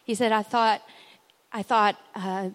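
A woman's voice: mid-range voice, steady tone, measured pace, big-room sound. A woman in her forties speaking at a church, telling a family story with jokes and laughing asides. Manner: joking, laughing, warm asides. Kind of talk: sermon storytelling.

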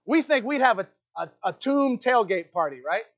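Male pastor, high-pitched, animated sermon, playful asides, muffled lo-fi sound. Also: normal speed. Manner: animated, playful asides, keeps asking "right?". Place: church hall.

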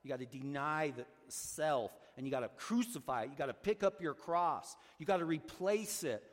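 Emphatic male pastor in a reverberant hall. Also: moderate pace. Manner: emphatic preaching, swinging between loud urging and hushed low lines. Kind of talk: sermon.

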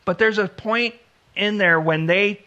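A male pastor delivers a sermon with a high, bright, forceful voice. He speaks earnestly, drawing out key phrases and dropping to a hush before lifting again for emphasis. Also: dull audio. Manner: earnest preaching, slows for emphasis, acts out biblical dialogue.

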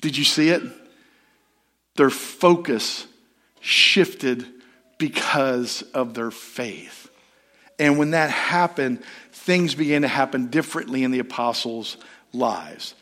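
A man's voice: mid-range voice, slow, long pauses, a bit bright. A man, a pastor, preaching a sermon in a storytelling, conversational way and putting questions to the congregation.

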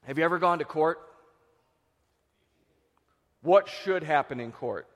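A male pastor preaching a sermon, swinging from loud shouts to hushed low phrases. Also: animated, unhurried, long reverb tail.

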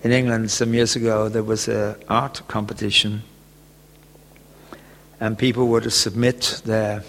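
Male preacher, gravelly voice, gentle storytelling, long hall reverb. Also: lowish voice, level tone, a little slow, slight background noise. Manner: gentle storytelling, chuckles often. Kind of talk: sermon with personal story.

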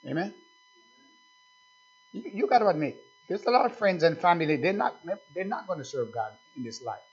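A man's voice: high-pitched, very animated, moderate pace, husky. A man preaching a sermon, emphatic and repetitive, calling out to his congregation with questions. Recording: dull lo-fi recording.

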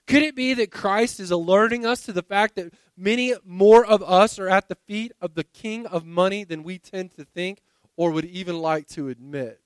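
A man delivering a sermon in a loose, conversational way, often doubling back on his words. His voice sits high and sounds smooth and resonant. The recording is close and dry. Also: dry recording. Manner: conversational preaching with frequent repeated words. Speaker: pastor.

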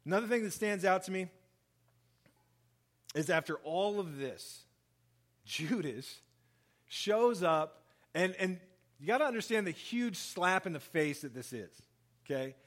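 An animated pastor reads from the Bible and comments on it, acting out quoted speech with lively shifts in pitch and volume. He speaks unhurriedly and pauses often.

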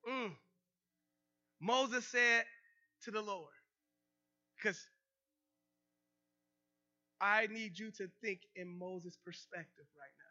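A male preacher giving an animated sermon, calling out questions to the congregation and making playful asides. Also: sits high, slow, long pauses. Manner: animated, call-and-response, joking asides. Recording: slightly muffled recording.

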